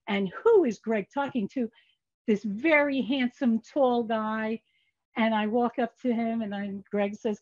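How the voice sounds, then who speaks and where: On a relaxed podcast interview, an older female economist appears as a guest, spinning stories and performing the lines she quotes with lots of energy. She speaks at a normal speed in a fairly high voice. There's no echo, though the audio is muffled and lo-fi.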